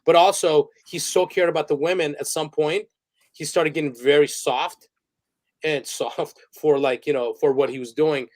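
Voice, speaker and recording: A man with a fairly high voice tells loose, rambling stories as an interview guest. He swears freely, restarts his sentences and laughs along the way. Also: fairly even intonation, moderate pace, a little mellow. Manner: rambling, profane, laughs while telling stories. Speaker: interview guest, photographer and director. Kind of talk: casual storytelling interview.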